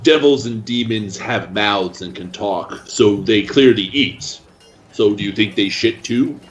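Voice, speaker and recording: A man playing a dry deadpan adventurer. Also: on the low side, measured pace, lo-fi sound, natural voice.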